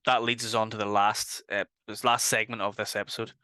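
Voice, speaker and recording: A man's voice: on the low side, little pitch movement, a little fast, pushed and bright, clean tone, no room sound. A man with a Northern Irish accent, co-hosting a casual horror podcast, easygoing and laughing as he talks. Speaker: podcast co-host. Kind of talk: casual chat.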